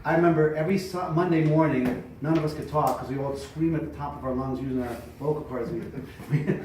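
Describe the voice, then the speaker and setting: A middle-aged male pastor giving casual, chatty advice to other preachers, sometimes projecting loudly from the diaphragm. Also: on the high side, fairly even intonation, fairly quick. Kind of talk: informal teaching talk to preachers. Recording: echoey room, mic at a distance, faint noise.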